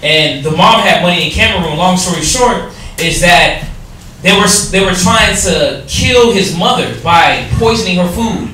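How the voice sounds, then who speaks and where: A man's voice: sits high, a little slow, pushed and bright, slight background noise. A man talking casually and emphatically in slang, chiming in with agreement. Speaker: group member. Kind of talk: casual chat. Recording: echoey hall from far off.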